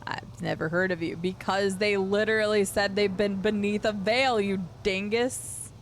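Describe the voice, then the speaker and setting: A woman's voice: mid-range voice, steady tone, normal speed, slight background noise. A woman streamer chatting casually and playfully with her viewers while playing a game. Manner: chatty, rambling, playful with chat. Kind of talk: casual chat while gaming.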